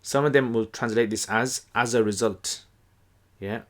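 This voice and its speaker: A man giving a casual explanatory lesson, conversational and relaxed, with many fillers and restarts. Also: medium pitch, a little slow. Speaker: Quran teacher.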